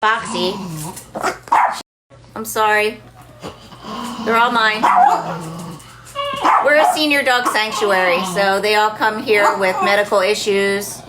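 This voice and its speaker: A woman's voice: mid-range voice, fairly even intonation, slow pace, long pauses, very noisy. A woman who runs a senior dog sanctuary from her home, talking casually and in doting baby talk to her dogs, mixed with mock scolding.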